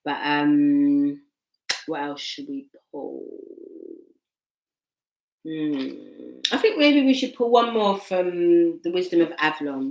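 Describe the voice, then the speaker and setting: A woman's voice: sits low, a little mellow, reverberant, a little hiss or hum. A woman doing a casual tarot reading, chatty and repeating her phrases as she talks to herself. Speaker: tarot reader.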